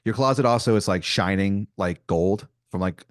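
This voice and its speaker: A young man with a fairly low voice rambles through an improvised comic tale, full of "like" and "uh". His voice is recorded dry and close. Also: dry recording. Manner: rambling, many fillers and mock-dramatic pauses. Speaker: podcast co-host telling an improvised scenario. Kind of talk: improvised comedic storytelling.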